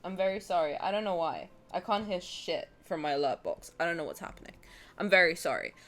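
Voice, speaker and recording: Animated, bright-voiced woman streamer, shrieking playfully. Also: fairly low pitch, fairly quick. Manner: animated, swears freely, shrieks at viewers in mock protest; playful, coos at game characters. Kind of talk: live-stream gacha reactions, chatting with chat.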